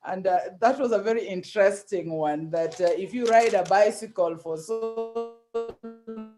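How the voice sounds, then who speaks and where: A professor judging a debate over a video call, speaking haltingly with many pauses and fillers. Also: mid-range voice, warm tone, faint music behind. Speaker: debate judge. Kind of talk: judge's feedback on a debate.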